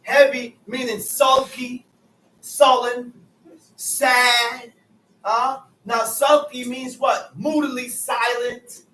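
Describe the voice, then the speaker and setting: High-voiced man preaching in echoey room. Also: level tone, takes it slowly, sharp tone, far from the mic. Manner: explains scripture in casual street talk. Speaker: Bible class teacher. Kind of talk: preaching Bible study.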